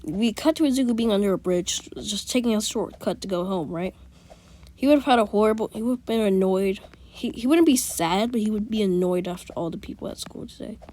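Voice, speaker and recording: A woman's voice: medium pitch, brisk, mellow. A woman casually telling a made-up fan story, rambling with restarts and whispered asides.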